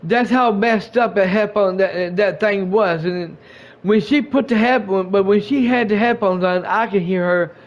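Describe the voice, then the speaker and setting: A man's voice: sits high, measured pace. A man hosting a podcast, telling a casual story full of restarts and repeated words. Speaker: podcast host. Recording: dull lo-fi stream audio.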